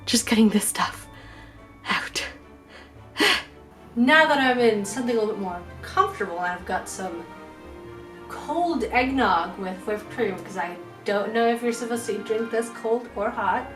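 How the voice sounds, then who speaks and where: A woman's voice: on the high side, normal speed, distant mic. Woman, casual vlog chat, rambling asides, faint background music, roomy sound. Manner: chatty, rambling, playful asides. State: out of breath. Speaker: vlogger. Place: room at home. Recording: echoey room from afar with faint music.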